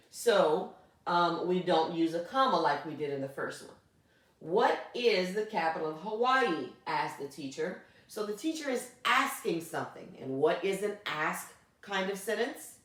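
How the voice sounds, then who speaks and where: A woman teacher giving a grammar lesson, explaining patiently and often checking in with "okay?". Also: medium pitch. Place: classroom. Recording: very echoey room, voice from far off.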